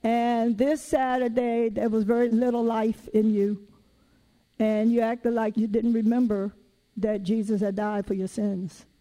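A woman with a Southern US accent preaching a sermon in a lively, conversational way with folksy asides. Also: fairly high pitch, measured pace.

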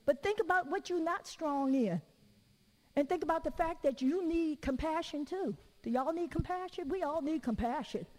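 A woman preacher giving a conversational sermon, telling stories in an animated way and acting out what people said. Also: high voice, moderate pace, in a large hall. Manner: animated storytelling with acted-out quotes.

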